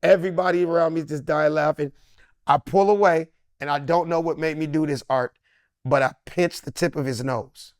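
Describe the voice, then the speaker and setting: A man in his fifties, a guest comedian, telling an animated anecdote and acting out voices. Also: fairly high pitch, moderate pace, clean tone, no echo, clean studio sound. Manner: lively, acts out other voices.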